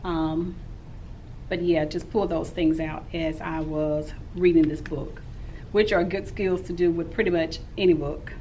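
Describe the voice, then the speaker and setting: A woman's voice: lowish voice, steady tone, measured pace, dark tone, slight background noise, rough recording. A woman in her forties, a teacher, recapping her day in a casual, rambling vlog. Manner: rambling and talkative.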